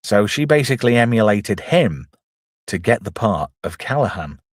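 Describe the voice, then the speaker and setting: A man's voice: on the low side, sing-song, moderate pace, no echo, studio quality. A man chattily retelling a comedy film scene by scene, with self-deprecating asides. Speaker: film reviewer, channel host. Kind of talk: casual film recap.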